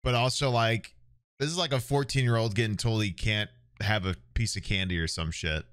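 A man's voice: lowish voice, steady tone, moderate pace, fairly bright tone, no echo, clean studio sound. A man casually reacting to a video as a streamer, joking and incredulous.

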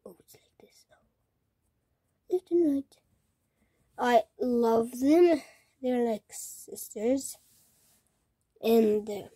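Soft breathy young girl gushing over toys. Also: on the high side, no room sound, clean studio sound. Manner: gushing, excitable, drops into whispers. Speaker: toy collection vlogger. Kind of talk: casual toy show-and-tell, often whispered.

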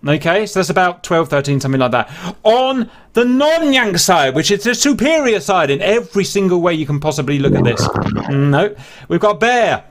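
Joking British man, slightly high voice. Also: sing-song, moderate pace, slight background noise. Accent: British English. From Britain. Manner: joking, teasing and sarcastic. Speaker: host of a flight-sim multiplayer event. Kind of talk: casual hosting banter and rule briefing.

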